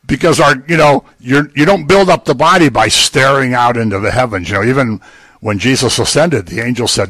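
A man's voice: mid-range voice, a little fast, a bit bright, husky, no room sound. Older man preaching in an easy chatty way. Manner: conversational, joking asides. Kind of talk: sermon.

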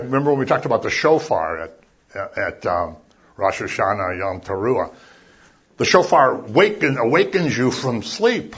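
A man preaching a sermon in a conversational way, with jokey asides and sudden loud bursts of emphasis. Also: mid-range voice, slightly rough, muffled recording. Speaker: pastor.

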